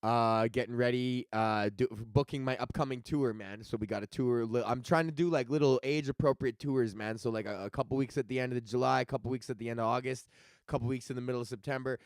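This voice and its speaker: A man's voice: mid-range voice, fast talker, no echo. A man hosting his own comedy podcast, telling stories in a casual, profane rant and acting out the lines of people he quotes. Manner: profane, animated storytelling with acted-out quotes. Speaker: podcast host and stand-up comedian.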